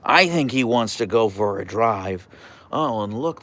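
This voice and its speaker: Here a young man hosts a relaxed livestream on an outdoor deck, chatty as he reads viewer comments and switches to a high coo for his dogs. His intonation is lively, his pace measured, and his tone sharp.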